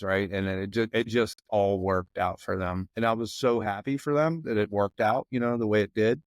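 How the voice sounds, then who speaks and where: A man's voice: lowish voice, fairly even intonation, normal speed, hardly any pauses, no room sound. A man in his forties from the McKeesport area in Pennsylvania, a guest on a podcast, talking casually and rambling with many "you know what I mean" fillers. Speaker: podcast guest, former football player.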